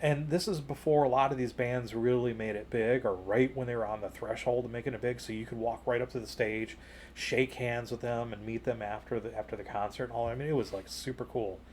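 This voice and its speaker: A man co-hosting a podcast, telling a long personal story in casual chat, full of "you know" and "like", rising higher and louder at the exciting parts. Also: a little fast, slight background noise. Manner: jumps higher and louder when retelling excited moments. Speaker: podcast co-host.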